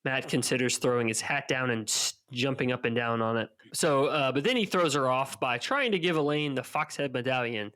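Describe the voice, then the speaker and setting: A man co-hosting a book podcast, casually retelling chapters and voicing characters' lines a bit higher. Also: fairly quick, few pauses, fairly bright tone. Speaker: podcast co-host. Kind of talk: casual book-club recap.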